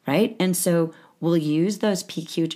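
A woman coach calmly guiding the talk and explaining steps one at a time. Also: lowish voice, a little slow. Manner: calm, guiding, explaining step by step. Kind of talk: coaching conversation.

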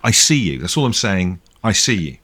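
A man's voice: deep voice, very animated, moderate pace, sharp tone. A man in his thirties co-hosting a podcast over a video call, chatty and jokey in a casual chat. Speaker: podcast co-host.

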